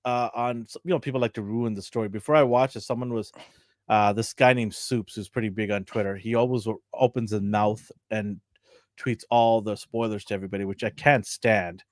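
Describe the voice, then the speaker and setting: A man's voice: on the low side, fairly even intonation, fairly quick, dry recording, studio quality. A man co-hosting a casual show review, chatty and rambling, often laughing between his points. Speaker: co-host.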